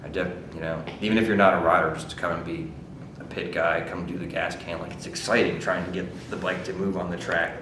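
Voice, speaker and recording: A man's voice: deep voice, level tone, fairly quick, noisy background. A man who races motorcycles, telling rambling stories in a casual interview, laughing often and saying "like" a lot. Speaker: motorcycle racer.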